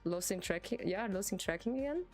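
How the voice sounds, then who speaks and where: A woman's voice: mid-range voice, expressive, a little fast, darkish tone, faint music behind. A woman streamer with a German accent, a native German speaker, chatting casually in English with lots of hesitations and giggles. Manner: hesitant, giggly, many fillers and restarts. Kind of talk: casual live-stream chat.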